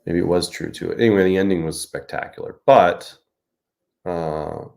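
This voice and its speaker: A man's voice: deep voice, normal speed, creaky, darkish tone. A middle-aged man hosting a casual live-stream chat, joking and answering viewer comments. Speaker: host.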